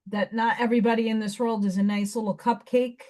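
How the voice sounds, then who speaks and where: Woman host, fading New York accent, blunt and rambling, slightly high voice. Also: little pitch movement, fairly quick, a little mellow. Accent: faded Staten Island New York. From Staten Island, New York. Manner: blunt, rambling, frequent restarts. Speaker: livestream host. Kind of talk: casual live-stream chat.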